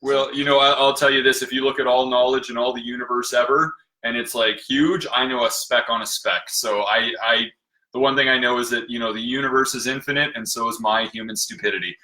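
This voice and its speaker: A man's voice: mid-range voice, fairly even intonation, a little fast, bright, forceful tone, reverberant, low-quality recording. A man hosting a casual live stream, rambling and self-deprecating. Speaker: host.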